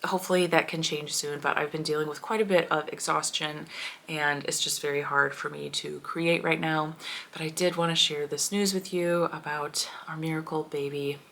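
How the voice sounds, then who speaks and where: A woman in her thirties talking in a heartfelt personal vlog, soft and emotional, with a prayerful tone. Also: deep voice, fairly even intonation, normal speed, vocal fry. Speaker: homeschooling mom vlogger.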